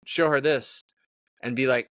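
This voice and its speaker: A man hosting a podcast, talking in a relaxed, joking way with quick interjections. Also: mid-range voice, no room sound. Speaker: podcast host. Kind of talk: casual podcast chat.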